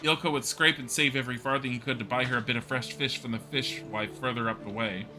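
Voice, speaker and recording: A man's voice: medium pitch, fairly even intonation, fast talker, natural voice. Man reading as a shaken townswoman witness. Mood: distressed. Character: upset middle-aged townswoman witness. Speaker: streamer.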